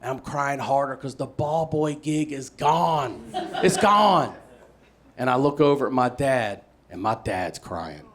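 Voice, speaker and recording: A male stand-up comedian from Maryland telling a story on a comedy stage, animated and acting out voices, building up to loud punchlines. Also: mid-range voice, measured pace, crowd noise. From Maryland, USA. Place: comedy stage with a live audience.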